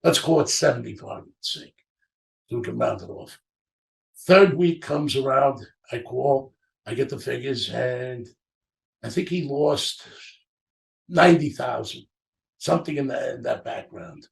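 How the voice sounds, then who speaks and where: Gravelly man telling a long story. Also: medium pitch, measured pace, pauses often, recorded from a distance. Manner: rambling anecdotal storytelling, quotes others with "I says". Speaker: podcast host. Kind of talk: storytelling monologue.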